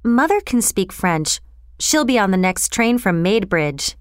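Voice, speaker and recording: A woman's voice: medium pitch, very animated, unhurried, smooth, no echo, clean studio sound. A woman voicing an earnest young girl in a storybook reading, pleading and breathless.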